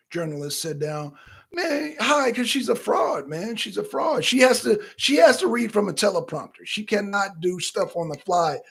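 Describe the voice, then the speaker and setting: A man hosting a political talk livestream, animated and repetitive, calling out viewers in the chat. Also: high-pitched, vocal fry, husky. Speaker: talk show host.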